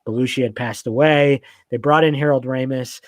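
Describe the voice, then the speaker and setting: A man's voice: mid-range voice, fairly even intonation, normal speed, no room sound. A man in casual podcast chat, talking with enthusiasm and rambling through many fillers and restarts.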